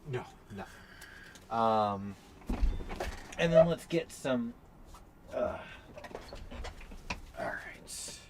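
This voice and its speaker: A man's voice: medium pitch, lively intonation, extremely slow, pauses often, slight background noise. A man casually chatting while setting up a tabletop game on a live stream, often mumbling to himself as he sorts pieces.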